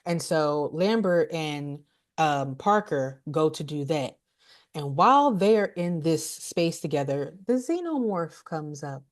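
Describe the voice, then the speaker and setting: A woman co-hosting a podcast, recapping a horror movie in an animated, blunt and laughing way. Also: deep voice, takes it slowly. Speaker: podcast co-host, movie reviewer.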